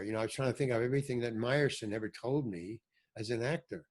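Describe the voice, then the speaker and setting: A man's voice: medium pitch, fast, a little mellow. An older man, an actor and director, telling loose, rambling stories as a podcast guest and often losing his thread. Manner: rambling, self-interrupting, loses his thread. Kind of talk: casual storytelling interview.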